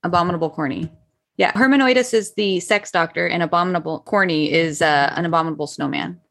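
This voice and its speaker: A woman's voice: fairly low pitch, fairly quick, creaky, a bit bright. A woman playing in a tabletop game, chatting in a playful way and laughing often. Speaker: player. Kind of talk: casual tabletop game chat.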